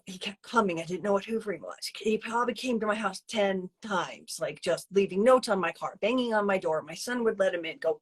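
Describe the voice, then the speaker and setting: A woman guest telling a personal story in an interview, chatty and animated, with fillers and restarts. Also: medium pitch, brisk, breathy edge. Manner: chatty and animated, many fillers and restarts, acting out her own past lines.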